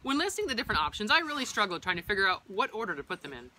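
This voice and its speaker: Bright-voiced woman explaining dog training. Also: mid-range voice, sing-song, very fast, soft background music. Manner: explanatory, practical, personal asides. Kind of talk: instructional vlog.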